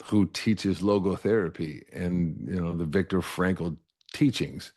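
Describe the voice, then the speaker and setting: Deep-voiced earnest man telling his story. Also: measured pace, darkish tone. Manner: earnest, repeats words when starting a thought, asks "right?" after points. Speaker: interview guest. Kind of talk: candid personal storytelling.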